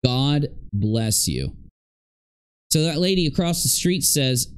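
Emphatic man with a lively voice. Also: medium pitch, takes it slowly, clean tone. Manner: emphatic, indignant, repeats points for stress. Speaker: commentator reacting to clips. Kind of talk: reaction commentary.

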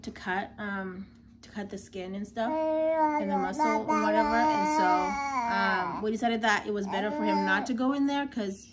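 A woman's voice: fairly high pitch, normal speed, noisy background. A young woman, a new mother, telling a personal story in a casual, chatty way with lots of filler words.

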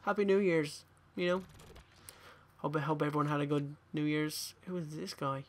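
Young gamer, tired and sweary, mutters his way through a pack opening in a fairly high voice. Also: fairly even intonation, moderate pace. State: tired, yawning. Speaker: gaming YouTuber.

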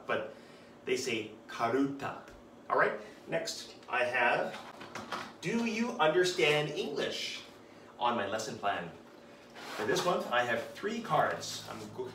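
A man who teaches English, explaining a flashcard lesson plan with clear, deliberate enunciation and a patient teaching tone, switching between English and Japanese phrases. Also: medium pitch, fairly bright tone, reverberant, distant mic, a little hiss or hum.

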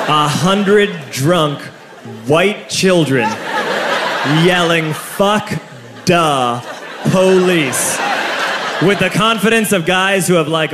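A young stand-up comedian tells a story at a live comedy venue, animated and shouting his punchlines over audience laughter. His voice is high-pitched, and the roomy live recording picks up crowd laughter and noise.

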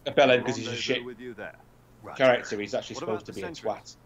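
A man's voice: mid-range voice, fairly even intonation, fast, lo-fi sound, a crowd in the background. A man chatting casually while commentating a video game, explaining things at length. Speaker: co-host commentator. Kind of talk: casual gaming commentary chat.

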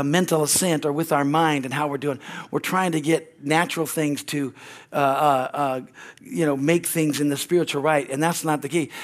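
Fervent preaching man, slightly high voice. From United States. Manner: fervent preaching with frequent amens and hallelujahs. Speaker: pastor. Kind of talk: sermon. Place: church sanctuary.

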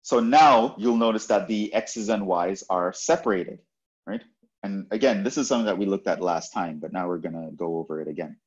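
Low-voiced man giving a math lecture. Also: fairly quick, highs cut off. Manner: explanatory, repeats points, frequent "right?" checks. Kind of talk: university lecture.

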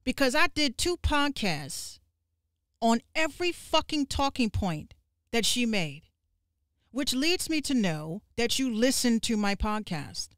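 A woman podcast host ranting on a livestream, profane and fiery, with quick asides to her viewers. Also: fairly high pitch, very animated, a bit bright, no room sound. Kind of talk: livestream rant.

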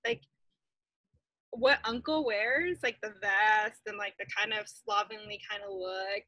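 A woman chatting casually in a playful, animated way. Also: medium pitch, unhurried, no room sound, poor audio. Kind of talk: casual chat.

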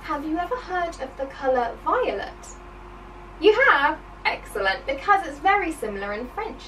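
High bouncy woman teacher doing a kids lesson, slow and cheery, bit far from the mic. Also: sing-song, fairly bright tone, a little hiss or hum. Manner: encouraging, sing-song, playful. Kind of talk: children's language lesson.

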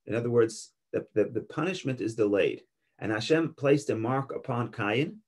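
Slow husky man teaching Torah. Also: medium pitch, lively intonation, a little mellow. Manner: slow, searching, with restarts and Hebrew quotes. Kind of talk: Torah class on Genesis.

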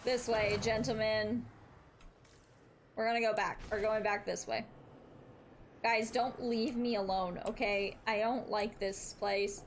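A woman's voice: medium pitch, fairly even intonation, takes it slowly, pauses often, slight background noise. A young woman streaming a game, chatting with her viewers, swearing freely and reading in-game text aloud. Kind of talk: live gameplay commentary.

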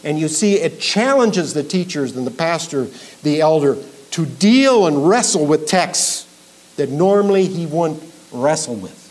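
Emphatic higher-pitched male preacher. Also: expressive, unhurried, rough recording. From Minnesota. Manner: emphatic, rising to loud peaks on key points. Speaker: pastor. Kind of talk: expository sermon.

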